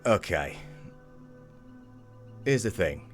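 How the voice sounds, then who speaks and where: A man voicing a cruel, greedy one-eyed male gang boss who talks with slow, calm menace in a tabletop game. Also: sits low, soft background music, exaggerated voice. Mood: coldly menacing.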